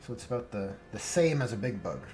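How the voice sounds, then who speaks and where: A man hosting a relaxed live stream, painting miniatures and chatting with viewers in a dry, joking way. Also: fairly low pitch, quick pace, soft background music. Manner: laid-back, dry joking, reads chat aloud.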